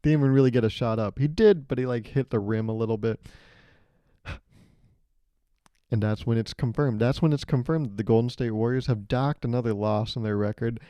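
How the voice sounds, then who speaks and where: A man's voice: mid-range voice, fairly quick, clear, resonant tone, dry recording, studio quality. A young man hosting a solo podcast, telling rambling stories with a sarcastic edge. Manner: rambling and sarcastic, acts out loud voices. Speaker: podcast host. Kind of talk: solo comedic storytelling.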